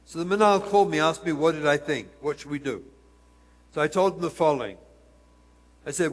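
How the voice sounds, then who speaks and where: A man's voice: fairly high pitch, a little fast, pauses often, in a large hall. A man, a rabbi, giving an earnest storytelling lecture and speaking directly to his listeners.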